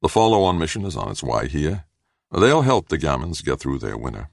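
A man with a very deep, gravelly voice voicing a somber older professor who mutters. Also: very animated, brisk, no echo, clean studio sound, exaggerated voice. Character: older male professor, heavy-set, brooding.

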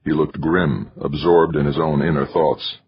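A man narrating a novel in a steady storytelling manner, in a dull lo-fi recording. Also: very deep voice, unhurried. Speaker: audiobook narrator. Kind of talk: scripted narration.

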